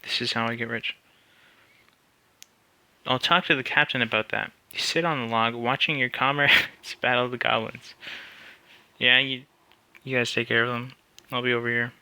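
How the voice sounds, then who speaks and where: A man's voice: mid-range voice, steady tone, moderate pace, long pauses, bright, forceful tone, no room sound. A man streaming live, reading a text adventure aloud and answering it with cocky, joking banter.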